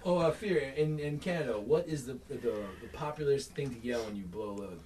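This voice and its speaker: A man's voice: medium pitch, brisk, a little mellow, slight background noise, poor audio. A man in crude comedy banter, rambling and stumbling over his words as he jokes.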